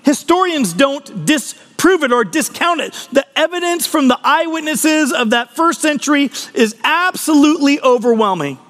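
A man with a very high voice preaches a conversational podcast sermon. He sounds earnest and personal and often restarts mid-sentence. A long reverb trails behind every phrase. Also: expressive, normal speed, few pauses, fairly bright tone. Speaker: pastor.

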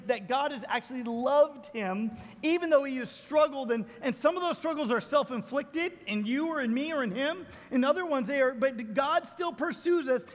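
A man, a pastor, preaching a sermon and telling a story, acting out the dialogue and dropping his voice low and soft for emphasis. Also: long reverb tail, lo-fi sound.

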